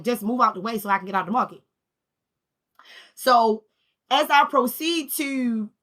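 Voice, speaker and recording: Bright, animated storytelling woman. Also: fairly high pitch. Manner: animated, acts out quoted people, laughs while telling. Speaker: spiritual vlogger. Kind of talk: casual storytelling rant.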